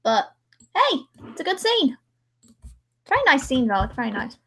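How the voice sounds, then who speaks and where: A woman's voice: high-pitched, sing-song, normal speed, sharp tone, husky. A young woman chatting casually to her livestream while she edits, talking to herself and laughing often. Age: young adult. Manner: chatty, giggly self-talk with frequent laughs. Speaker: livestreamer editing a dramatic reading. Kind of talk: casual chat while editing.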